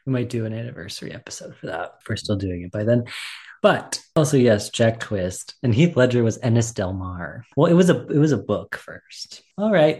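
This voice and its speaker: A man's voice: medium pitch, a little mellow, slightly rough. A man co-hosting a casual podcast, chatty and laughing often, with hesitant restarts. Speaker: podcast co-host. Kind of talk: casual chat.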